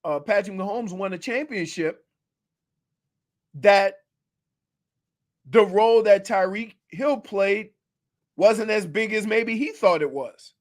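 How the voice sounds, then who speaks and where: A high-pitched man talking sports on the radio, quick to laugh and eager to press his point. He repeats words as he builds an argument in loose, casual talk. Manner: animated, emphatic, laughs often, repeats words.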